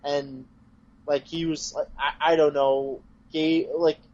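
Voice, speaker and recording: A man's voice: on the high side, level tone, slow, a little mellow, highs cut off. A man co-hosting a casual podcast, speaking in a laid-back, hesitant way full of fillers. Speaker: podcast co-host. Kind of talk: casual chat.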